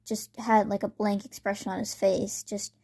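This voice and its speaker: A woman's voice: mid-range voice, little pitch movement, normal speed, dark tone. A woman casually retelling a fan fiction story, rambling with many fillers.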